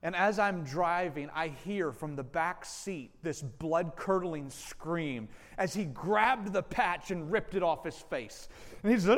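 Guy pastor preaching, highish voice, long echo from a big church room. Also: animated, measured pace. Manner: earnest, direct address to the congregation. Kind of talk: sermon. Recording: long hall reverb.

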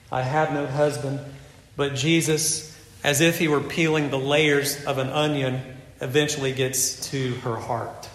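A man preaching a sermon in an earnest, measured way, often dropping to a soft voice for emphasis. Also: medium pitch, echoey room, big-room sound.

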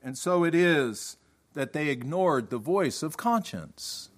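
A male preacher delivering a sermon with a fairly high voice. He talks slowly and deliberately, leaning on each phrase as he reads scripture and reasons with his hearers. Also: expressive. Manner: slow, deliberate delivery, reading scripture with emphasis.

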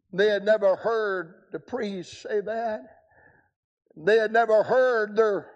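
A man preaching a revival sermon, emphatic and swinging from quick asides to long, drawn-out shouted lines. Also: high voice, highs cut off.

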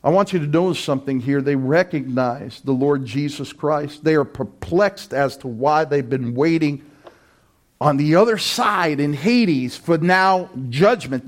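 A man preaching a sermon as pastor, impassioned and emphatic, building to loud repeated cries. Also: on the high side, measured pace.

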